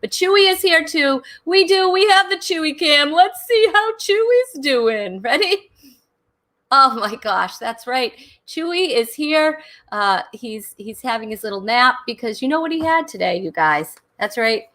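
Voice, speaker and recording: A woman's voice: high voice, expressive, unhurried, a bit bright. A woman hosting a live online comedy talk show, bubbly and chatty, giggling and restarting her sentences as she goes. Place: home in Rhode Island during a thunderstorm.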